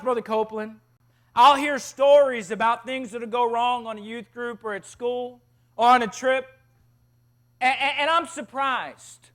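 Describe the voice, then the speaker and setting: Male preacher, very high voice, animated storytelling sermon, hushed to loud. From Tennessee. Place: chapel service.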